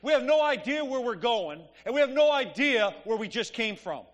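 A man's voice: very high voice, very animated, normal speed. A man preaching a sermon in a church, telling stories conversationally and asking the congregation "Amen?". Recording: long reverb of a church hall.

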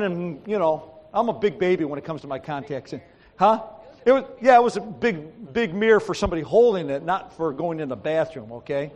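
A man as pastor giving a sermon, telling stories animatedly and acting out the people he quotes. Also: sits high. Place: church sanctuary. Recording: long hall reverb.

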